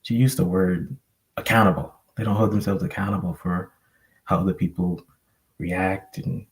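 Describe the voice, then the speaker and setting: Low gravelly man, reflective and rambling. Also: steady tone, moderate pace, low-quality recording. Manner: rambling, reflective, many fillers. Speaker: panel guest. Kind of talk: personal storytelling on a live panel. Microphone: online call microphone.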